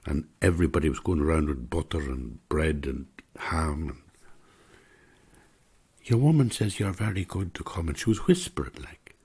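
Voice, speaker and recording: An older Irish man telling a personal story in an unhurried, conversational way, dropping to a whisper for quoted voices. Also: low voice, darkish tone, slightly rough.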